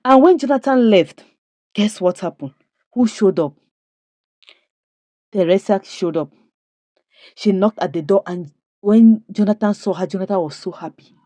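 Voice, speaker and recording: A woman narrates the latest twists of a comedy series like gossip, judging the characters and asking rhetorical questions. Her voice is mellow and soft-edged. The sound is dry and close, with no room around it. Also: mid-range voice, measured pace, pauses often, no room sound. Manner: dramatic, judgmental, rhetorical questions. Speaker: series recap commentator. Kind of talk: storytelling recap of a comedy series.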